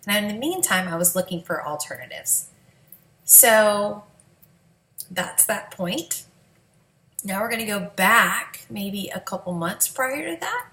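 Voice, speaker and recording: A woman's voice: medium pitch, lively intonation, measured pace, long pauses, sharp tone, echoey room, poor audio. A woman, a mother, telling her family's story in a candid, emotional, conversational vlog.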